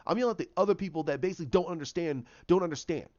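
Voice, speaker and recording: A man with a fairly high voice delivers a heated solo rant, hammering his points through repetition and restarts. The recording is slightly dull and lo-fi. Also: rapid-fire, darkish tone. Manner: impassioned and repetitive, restarting phrases. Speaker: YouTube commentator.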